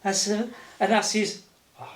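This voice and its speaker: A man's voice: high-pitched, unhurried. Glaswegian man telling stories, roomy sound. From Scotland. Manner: animated, laughing, acting out voices. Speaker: interview guest. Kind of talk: casual storytelling. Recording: roomy echo.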